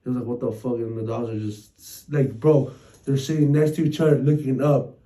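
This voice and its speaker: A man's voice: mid-range voice, moderate pace, mellow, distant mic, low-quality recording. Slangy man telling scary stories. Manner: rambling, heavy slang and swearing. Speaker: podcast co-host. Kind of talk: casual storytelling chat.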